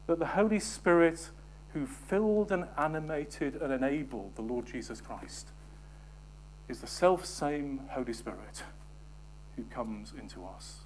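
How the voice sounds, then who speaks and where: A man preaching a sermon, moving from emphatic scripture reading to soft, almost whispered asides and questions to the congregation. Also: mid-range voice, a little slow, a little hiss or hum.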